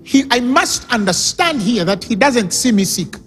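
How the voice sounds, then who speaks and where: Extremely high in pitch, very animated, slightly bright, and moderately paced, a male pastor delivers a sermon. He repeats key phrases with emphasis and keeps calling for audience responses; the reverberant hall carries music underneath.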